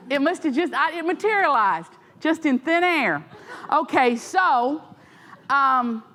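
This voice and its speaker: A middle-aged woman with a Southern American accent, telling stories to an audience at a library author talk with lively, self-mocking asides. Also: high-pitched. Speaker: author speaking at a library event. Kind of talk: storytelling talk. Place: library event hall with an audience.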